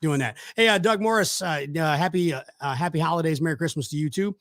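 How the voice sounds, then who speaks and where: A man's voice: on the high side, fast, fairly bright tone, dry recording, clean studio sound. A middle-aged man hosting a casual live show, rambling with many fillers and restarts. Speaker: host. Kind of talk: casual chat on a live stream.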